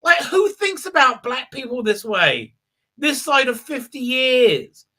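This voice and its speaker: A man's voice: very high voice, big pitch swings, slow, pushed and bright. A man hosting a live stream, recapping an episode in a rambling, sarcastic way with many fillers. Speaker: show host.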